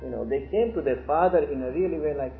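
A man teaching a religious lesson on scripture, animated and acting out the quotes he explains. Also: fairly high pitch, fast, gravelly, roomy sound. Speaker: teacher of Quran commentary. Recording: tinny phone-like line, faint hiss.

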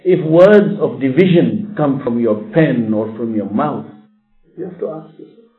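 Male preacher, mid-pitched, sermon delivery with emphatic swells; echoey room on a phone-like line. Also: faint music behind. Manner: recites Arabic verses quickly then explains in English, emphatic rises. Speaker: Islamic preacher. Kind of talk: sermon with Quran recitation and translation.

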